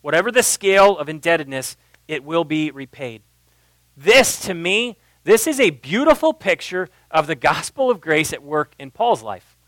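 Pastor, man, 30s, slightly high voice, swinging from hushed to fervent, close dry mic. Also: sing-song, moderate pace, dry recording, rough recording. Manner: swings from quiet, intimate asides to loud, impassioned preaching. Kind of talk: sermon.

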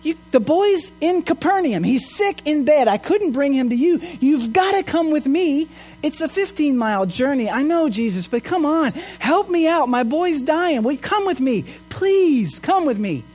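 A man's voice: sing-song, normal speed, darkish tone, soft background music. Preacher acting out a desperate begging father. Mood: pleading. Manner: pleading, urgent, raised high. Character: desperate father begging for his dying son.

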